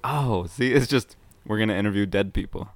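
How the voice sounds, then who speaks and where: A man co-hosting a podcast, making deadpan jokes in casual chat. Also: on the low side, a little fast, dry recording. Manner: dry joking, deadpan quips. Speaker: podcast co-host. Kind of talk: casual chat, reacting to a show.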